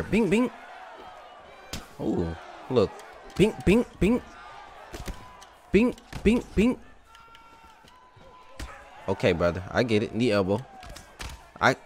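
A young man giving casual, excitable commentary over his own gameplay, trash-talking and laughing at the game. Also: medium pitch, a little hiss or hum. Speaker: gaming YouTuber.

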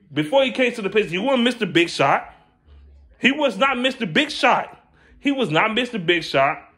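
A man's voice: high voice, a bit bright. A man delivering an angry, profane sports rant as a vlogger, repeating himself as he argues. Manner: angry, profane, repetitive ranting. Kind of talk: ranting to camera.

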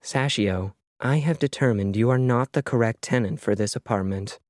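A man voicing a sinister smart-home AI that speaks smoothly and politely with a quiet menace, in a storytelling podcast. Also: mid-range voice, moderate pace, dry recording, clean studio sound, close to an everyday voice. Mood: coldly menacing.

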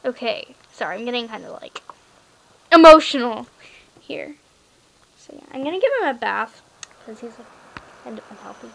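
A woman's voice: fairly high pitch, lively intonation, fairly quick, creaky, pauses often, fairly bright tone, breathy edge, low-quality recording. A teenage girl chatting casually while playing a pet game, rambling with lots of fillers and "like". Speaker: gaming vlogger. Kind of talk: casual screen-recorded game chat.

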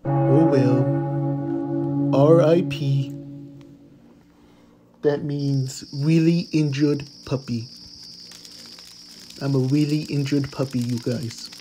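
A man voicing a cheerful, eager pitbull puppy, commenting on gameplay with excitable gasps and goofy puns. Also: mid-range voice, drawn-out words, pauses often, over music. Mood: excited. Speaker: game commentator.

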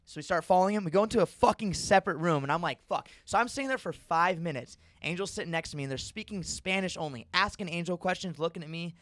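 A man's voice: high-pitched, fast talker, hardly any pauses, fairly bright tone, dry recording. A young man telling a rambling, profane story in casual podcast chat.

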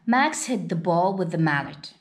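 A woman reading a children's picture book aloud in a slow, gentle read-aloud manner. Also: lowish voice, animated. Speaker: storybook reader.

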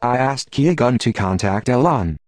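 A man's voice: medium pitch, lively intonation, normal speed, no echo, natural voice. A man voicing a frail, ailing queen who speaks weakly and faintly, in an audiobook. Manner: weak, faint. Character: frail ailing middle-aged queen, weak and weary.

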